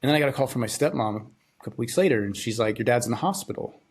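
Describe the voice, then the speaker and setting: A young man hosting a podcast, telling a personal story in a halting, subdued, grieving way, often trailing off and repeating words. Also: medium pitch, breathy edge. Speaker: podcast host.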